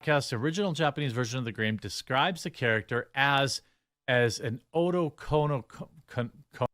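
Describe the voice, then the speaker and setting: Male commentator, dismissive, mid-pitched, dry close recording. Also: lively intonation, fairly quick, a bit bright, dry recording. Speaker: online commentator. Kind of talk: video commentary.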